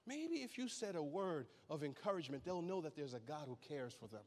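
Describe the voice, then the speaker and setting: A man voicing a hushed fatherly God. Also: big pitch swings, brisk, long reverb tail. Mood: tender. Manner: low, hushed and conversational. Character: God, a gentle fatherly male deity.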